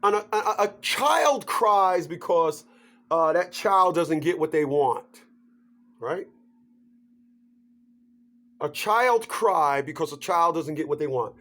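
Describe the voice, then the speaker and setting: A man vlogger ranting to camera in a joking, animated way, laughing through his points. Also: a little high, takes it slowly, long pauses. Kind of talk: comedic rant to camera.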